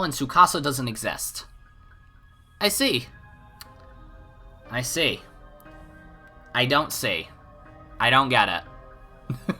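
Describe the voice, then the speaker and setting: A woman's voice: extremely low pitch, sharp tone, breathy edge. A woman hosting a visual novel playthrough in casual, sarcastic commentary, swearing and laughing. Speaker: let's play host.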